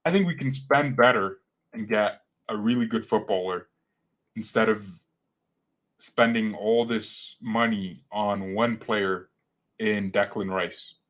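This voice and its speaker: A man's voice: lowish voice, slow pace. A man hosting a fan channel in casual, rambling live-stream chat, joking around and slipping into playful put-on accents. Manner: chatty and excitable, addresses viewers as guys and bro.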